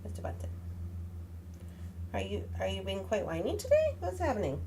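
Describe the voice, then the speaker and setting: Woman, chatty, lively pitch, live craft host. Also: fast, background noise. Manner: chatty, animated, talks to her pet and viewers. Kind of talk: casual live craft tutorial.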